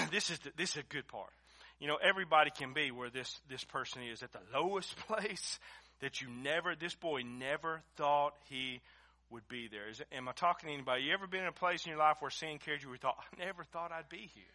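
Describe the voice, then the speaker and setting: A man preaching a sermon, moving between quiet storytelling and loud, emphatic preaching in a folksy way. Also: a little high, a little fast. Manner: swings from hushed storytelling to shouted preaching. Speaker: pastor.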